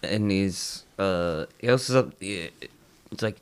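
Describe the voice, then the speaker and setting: A man's voice: lowish voice, moderate pace, a bit bright. A man hosting a podcast, chatting casually and rambling a bit about a show he is recapping. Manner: rambling, restarts, throws in quotes. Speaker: podcast host.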